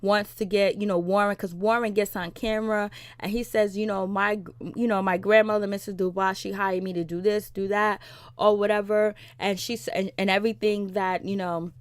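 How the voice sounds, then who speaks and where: Animated woman recapping a TV episode. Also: mid-range voice, moderate pace, smooth, no echo, clean studio sound. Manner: animated retelling, laughs often, quotes characters with attitude. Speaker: TV recap vlogger.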